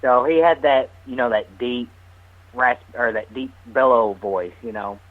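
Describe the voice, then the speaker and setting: A man telling an animated, laughing story as a guest on a radio talk show. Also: mid-range voice, a little slow, phone-quality sound. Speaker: guest medium's partner.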